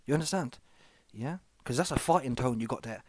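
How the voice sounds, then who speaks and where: Brief: man putting on a cocky middle-aged boxing promoter, a taunting challenger, raised pitch, dry and close. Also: expressive, a little fast, a little mellow, dry recording, natural voice. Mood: menacing. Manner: taunting, challenging, keeps asking "yeah?".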